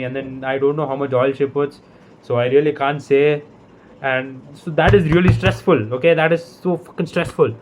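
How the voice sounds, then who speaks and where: A young man talks straight to the camera in a rambling, casual rant. His voice sits a little high for a man. He swears freely and sounds exasperated. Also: fairly even intonation, moderate pace. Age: young adult. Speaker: vlogger.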